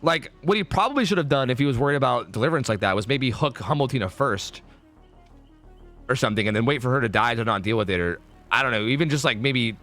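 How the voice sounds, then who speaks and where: A man's voice: mid-range voice, fairly bright tone. A young man casting a game tournament on a live stream, rambling and repeating himself with casual swearing. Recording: faint music behind.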